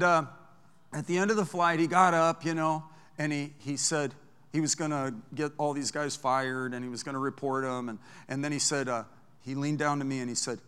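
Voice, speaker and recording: A bright-toned, high-voiced man preaches a storytelling sermon. His delivery is animated and anecdotal, swinging between hushed and loud. A long reverb hangs in a large church sanctuary. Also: clean tone. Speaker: pastor.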